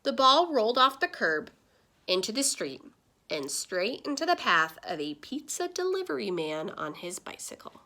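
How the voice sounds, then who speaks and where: Here a woman reads from a children's picture book in a vivid storytelling style. Her pitch leans high, and she keeps to a normal speed.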